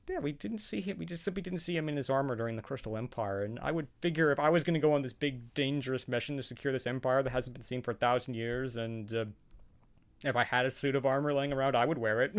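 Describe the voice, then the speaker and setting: A man casually talking through his thoughts on a cartoon episode, rambling and hesitant, with frequent chuckles. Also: medium pitch. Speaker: show reaction vlogger. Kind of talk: casual spoken commentary.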